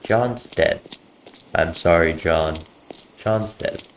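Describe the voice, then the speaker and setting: Man, low voice, casual let's-play commentary, jokey muttered reactions. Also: slow, a little hiss or hum. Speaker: gaming video host.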